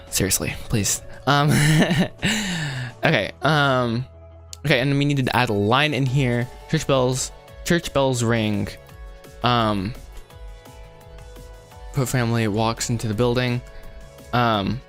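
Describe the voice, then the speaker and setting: A man's voice: mid-range voice, slow, pauses often, a bit bright, soft background music. Rambling, chuckling man streaming live. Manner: rambling, self-interrupting, laughs often. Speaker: animation filmmaker livestreaming his script writing. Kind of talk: casual livestream chat.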